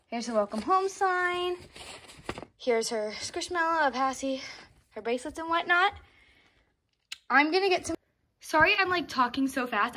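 Young woman, high voice, gushing, squealing, doll unboxing vlog, faint background noise. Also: pushed and bright. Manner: gushing, squealing repeated exclamations. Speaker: doll collector vlogger.

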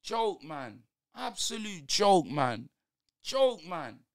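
A man's voice: sits high, sing-song, slow pace. A young man ranting through a live football watch-along, heavy on street slang and exasperation.

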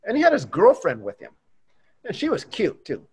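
A man in his fifties, a former pro baseball player, chatting as a podcast guest and telling relaxed, expressive stories. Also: high-pitched, normal speed, husky. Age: 50s. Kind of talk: casual chat. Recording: dull lo-fi remote audio.

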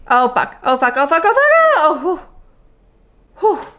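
High-voiced young woman gaming YouTuber. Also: unhurried, long pauses. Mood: tense. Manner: excitable, swears, repeats herself in panic. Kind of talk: horror game let's play commentary.

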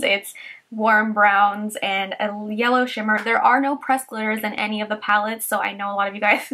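A young woman chatting casually through a makeup review vlog, filling her talk with "like" and "um" and turning soft and emotional when she mentions her mother. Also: medium pitch. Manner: chatty, with many "like" and "um" fillers. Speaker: beauty YouTuber.

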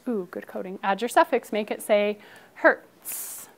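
A woman teacher running a phonics lesson in a classroom, brisk and encouraging, calling out words and praising pupils, sometimes dropping to a hushed whisper for one child. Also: medium pitch, lively intonation, a little hiss or hum.

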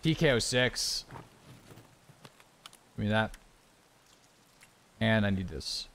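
A man's voice: lowish voice, animated, takes it slowly, creaky, fairly bright tone, slight background noise. A young man, streaming a shooter game with joking, swearing running commentary. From Canada. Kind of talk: casual gameplay commentary.

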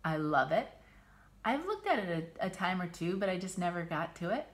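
A middle-aged woman from the United States talks casually in a slightly low voice. She gushes, gets emotional and trails off into restarts as she shows off her craft supplies. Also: lively intonation, normal speed, slight background noise. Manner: chatty, gushing, emotional. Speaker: cross-stitch vlogger. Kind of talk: casual chat.

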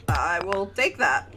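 A woman streaming and chatting casually, prone to loud shrieks and acting out voices when she tells a story. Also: fairly low pitch, poor audio. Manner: animated, loud outbursts and shrieking reactions; acts out voices when retelling stories. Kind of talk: casual chat on a game stream. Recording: music playing behind.

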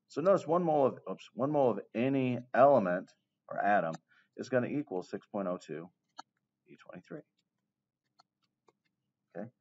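Low-voiced male teacher, casual and joking, heard on a dull lo-fi recording. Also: a little mellow. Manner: casual, jokey asides, keeps checking with "okay?". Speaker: chemistry teacher. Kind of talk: recorded classroom lecture.

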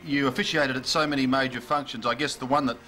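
A man's voice: mid-range voice, steady tone, fast talker, bright, forceful tone, soft background music. A man hosting a playful, light-hearted TV interview. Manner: playful, laughs along. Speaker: TV host.

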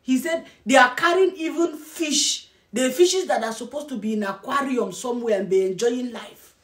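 A woman's voice: high-pitched, normal speed. A woman vlogger giving scolding, mocking reaction commentary and repeating herself for emphasis. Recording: roomy echo.

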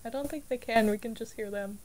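A woman's voice: on the high side, quick pace, a little mellow, lightly acted. A woman playing a flustered, nerdy young woman who stammers and giggles in a casual roleplay. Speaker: roleplay player.

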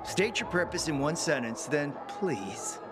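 An actor playing a smug, contemptuous boss who speaks in a sneering, mocking way. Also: male voice, a little high, lively intonation, unhurried, loud music behind the voice, a loud crowd. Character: smug, contemptuous man who runs a trade group.

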